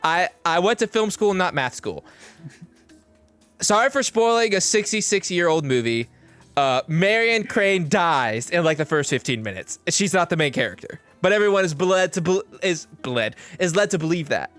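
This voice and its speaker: A young man talking shop on a writing podcast in an easygoing, jokey ramble. His voice sits a little high and swings widely in pitch, with soft music faintly under it. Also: very animated. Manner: joking, rambling, quick to laugh. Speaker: podcast co-host and screenwriter. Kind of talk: casual chat.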